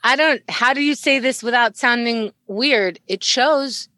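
A woman co-hosting a podcast in casual chat, expressive, swearing freely and imitating people. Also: fairly high pitch, a little slow, dry recording, clean studio sound. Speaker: podcast co-host.

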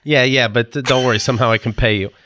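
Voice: mid-range voice, fairly even intonation, quick pace, background noise. A podcast host telling stories in casual chat, laughing and swearing as he goes.

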